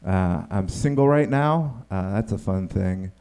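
A man performing a stand-up comedy set, telling stories and acting out the people in them, sometimes yelling. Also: lowish voice, moderate pace, hardly any pauses. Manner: animated, acts out quotes in yelling voices.

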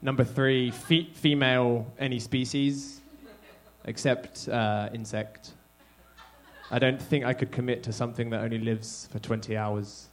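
An English man performing stand-up comedy, chatting to the crowd in a loose, conversational way. His delivery is punchy and self-deprecating, and his voice is of ordinary pitch for a man. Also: steady tone, a little slow. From England.

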